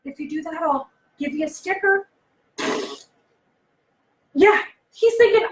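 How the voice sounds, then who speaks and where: A woman coaching parents in a casual, animated talk, often acting out what kids say and asking the listener questions. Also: very high voice, measured pace, pauses often, roomy sound, low-quality recording. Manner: animated, acts out kids' voices, asks the listener questions. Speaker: behavioral consultant and life coach.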